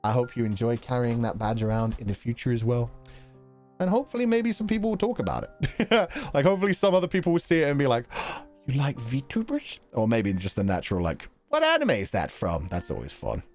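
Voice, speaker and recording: A male streamer reads viewer donations aloud and chats casually, rambling from one idea to the next. His pitch leaps around expressively as he talks. A faint bed of music plays behind him. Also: fast. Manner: animated and rambling, laughs often.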